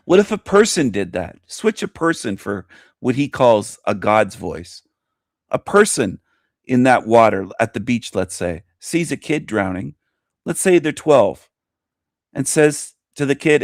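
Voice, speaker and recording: A man's voice: mid-range voice, normal speed, no room sound, clean studio sound. A man hosting his own show, commenting on a video he plays, scornful and mocking as he rants. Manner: scornful, mocking, animated ranting. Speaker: host.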